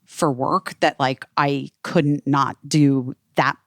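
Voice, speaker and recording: A woman's voice: rumbling low, takes it slowly, no room sound, studio quality. A woman hosting a podcast, telling a story in casual chat with lots of fillers. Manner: animated storytelling with many "like" fillers. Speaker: podcast host.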